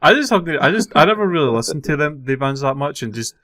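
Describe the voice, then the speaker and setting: A man, co-hosting a podcast in casual chat, swearing freely and getting animated as he rants. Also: on the high side, fast, no room sound. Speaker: podcast co-host.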